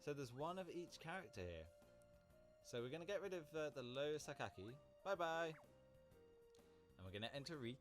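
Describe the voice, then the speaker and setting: A man's voice: a little high, very animated, moderate pace, pauses often, faint music behind. Chatty man streaming a game. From Britain. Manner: rambling, chatty, laughs easily. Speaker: live streamer. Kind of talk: casual game stream chat.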